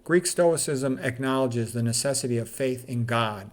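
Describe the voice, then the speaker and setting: A man's voice: medium pitch, moderate pace. A middle-aged man, a doctor, reading quotes aloud and commenting on them in a candid, casual way with plenty of fillers.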